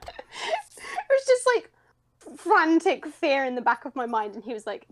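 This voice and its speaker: A woman's voice: sits high, sing-song, normal speed, no room sound. Giggly young British woman, close and dry. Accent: British English. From United Kingdom. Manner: giggly, self-deprecating, rambling storyteller. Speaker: voice actress guest. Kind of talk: casual interview chat.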